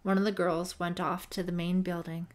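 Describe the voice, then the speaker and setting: A woman narrating a teen horror audiobook in a measured, suspenseful reading. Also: lowish voice, flat delivery. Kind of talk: scripted narration.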